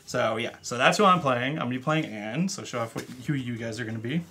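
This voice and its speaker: A man's voice: medium pitch, fast, bright, forceful tone, slight background noise. A man hosting a casual board game stream, explaining the rules in a rambling, easygoing way. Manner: rambling, restarts often, laughs along.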